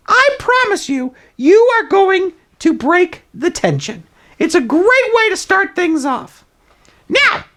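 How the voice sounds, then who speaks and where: A squeaky toilet paper puppet. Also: male voice, sharp tone, heavily acted. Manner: over-the-top mock-authoritative advice. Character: zany male toilet paper roll puppet, overconfident. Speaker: improvised slideshow presenter. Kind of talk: comedic improvised presentation.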